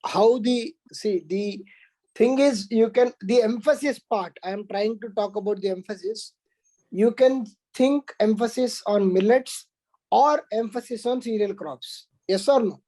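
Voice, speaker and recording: Mellow-voiced man teaching an online class. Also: high voice, unhurried, rough recording. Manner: explanatory, repeats the question and asks the class to confirm. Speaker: exam coaching teacher.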